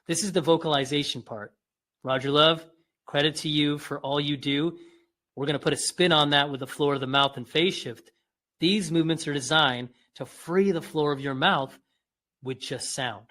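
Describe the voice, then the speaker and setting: A man calmly guiding listeners through a breathing and mouth exercise, drawing out demonstration sounds as he coaches. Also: a little high, moderate pace. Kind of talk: guided exercise instruction.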